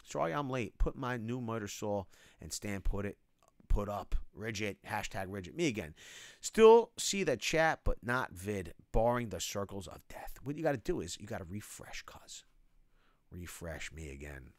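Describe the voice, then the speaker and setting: Hosting a casual livestream Q&A, a man reads viewers' names from the chat aloud, gives shout-outs, and answers their questions. He sounds animated, his pitch swinging widely at a normal speed. The recording is dry and close, with no room sound.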